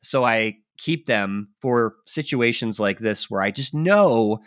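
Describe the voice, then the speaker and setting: A man hosting a podcast in casual chat, easygoing and steady, with brief replies and slow, deliberate introductions. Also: medium pitch, no echo, clean studio sound. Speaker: podcast host.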